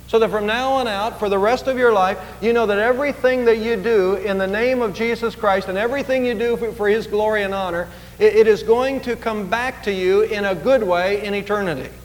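Male pastor, high voice, emphatic sermon delivery, church reverb. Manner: earnest, emphatic preaching with repetitions. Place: church sanctuary.

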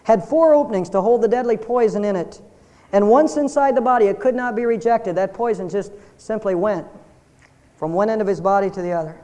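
A male pastor delivers an earnest, emphatic sermon, pressing his congregation with rhetorical questions. His voice is warm and mellow, and it rings out with a long reverb through a large church hall. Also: high voice, a little fast. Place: church sanctuary.

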